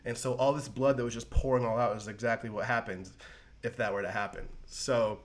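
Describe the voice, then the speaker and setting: A man on a casual podcast who rambles excitedly through a comic book's plot, cursing freely and scattering "like" through every sentence. His voice sits at an ordinary middle pitch for a man. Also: brisk. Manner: rambling, profane, heavy use of "like". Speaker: podcast co-host.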